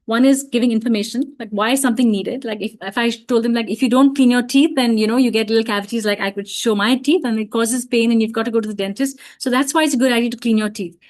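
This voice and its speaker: A middle-aged woman giving an online parenting talk, telling stories in a calm, reflective way with many fillers. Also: a little high, fast, hardly any pauses. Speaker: parenting speaker.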